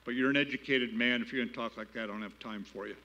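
A man's voice: medium pitch, steady tone, quick pace, pushed and bright. Older guy telling a story at a gala, plain-spoken and folksy, middle voice, bit muffled. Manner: plain-spoken, folksy, building to emphatic patriotic appeals. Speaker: keynote speaker. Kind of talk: storytelling speech. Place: gala banquet hall.

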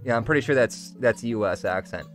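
A man streaming a video game live, joking and reacting excitedly as he chats with viewers. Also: medium pitch, fairly quick, soft background music. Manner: excitable, jokey, breaks into song snatches. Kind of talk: live gameplay commentary.

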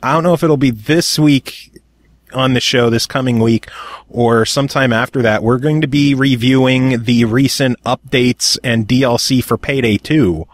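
A man's voice: medium pitch, moderate pace, no echo. A man hosting a casual gaming podcast, joking and swearing freely as he talks. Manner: joking, profane, animated. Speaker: podcast host. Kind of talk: casual chat.

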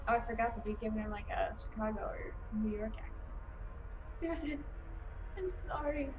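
A woman's voice: on the high side, normal speed, noisy background. Chatty young woman streaming a game. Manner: chatty and reactive, grows flustered and excited. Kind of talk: live game stream commentary.

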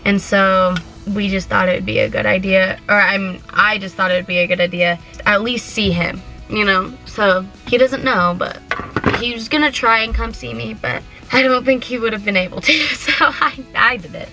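Giggly, bright-voiced teenage girl. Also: medium pitch, normal speed, soft background music. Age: teens. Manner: giggly, chatty, excitable, lots of likes. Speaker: vlogger. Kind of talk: casual vlog chat. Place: parked car. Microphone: handheld camera.

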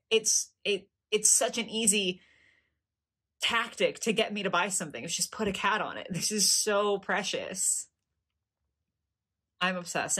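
A woman's voice: on the low side, sharp tone. A young American woman chatting through a casual toy unboxing, gushing and giggly as she talks. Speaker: doll collector vlogger.

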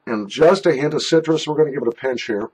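A man's voice: mid-range voice, quick pace, darkish tone, breathy edge, rough recording. A man casually reviewing snuff at home in a basement, joking and mock-dramatic. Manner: joking, mock-dramatic, jokey put-on Irish phrases.

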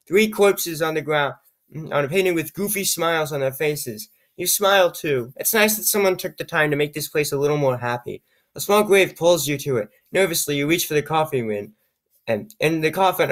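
A man reading an odd, computer-written story aloud, with low-key, wry remarks on the text and frequent stumbles over words. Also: fairly bright tone. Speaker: YouTuber reading AI-generated stories. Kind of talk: comedic reading with asides.

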